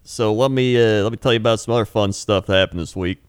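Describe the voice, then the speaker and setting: A man's voice: fairly low pitch, quick pace, clean tone, no room sound, clean studio sound. A young man in casual podcast chat, telling rambling stories and laughing often. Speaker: podcast co-host.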